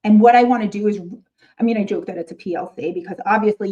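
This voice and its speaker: Mellow-voiced woman with a New York accent. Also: medium pitch, fast. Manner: chatty, keeps checking in with "okay?", wry joking asides. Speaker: middle school marketing teacher, channel host. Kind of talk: casual chat to fellow teachers.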